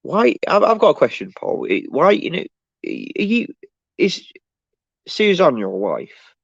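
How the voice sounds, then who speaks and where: A man's voice: a little high, huge pitch swings, a little slow, creaky, slightly rough, no echo. A man talking casually on a live stream, rambling and restarting his sentences as he answers the chat. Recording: dull, dry lo-fi sound.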